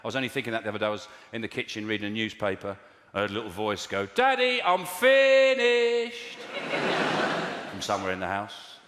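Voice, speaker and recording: A man's voice: on the low side, flat delivery, racing. A man doing stand-up comedy, telling wry stories in a conversational way. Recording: echoey theatre with loud noise.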